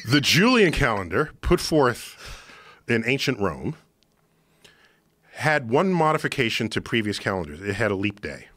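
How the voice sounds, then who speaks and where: A man explaining something to a podcast host in an emphatic, excitable lecturing manner. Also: medium pitch, moderate pace, long pauses. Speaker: podcast guest. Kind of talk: animated explanation in conversation. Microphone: studio podcast microphone.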